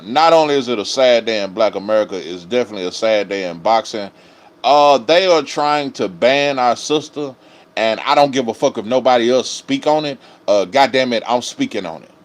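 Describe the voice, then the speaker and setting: A man, hosting a live-stream commentary with profane, emphatic ranting. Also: medium pitch. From Dallas area, Texas. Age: 30s. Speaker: host.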